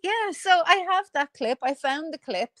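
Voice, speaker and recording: A woman's voice: very high-pitched, lively intonation, normal speed, fairly bright tone, dry recording. Woman, live-stream host, sarcastic, profane, laughs a lot, dry close sound. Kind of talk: casual live-stream chat reading viewer comments.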